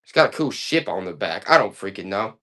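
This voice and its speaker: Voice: low voice, big pitch swings, brisk, bright, forceful tone. A live online auction seller running a stream with playful, joking sales banter.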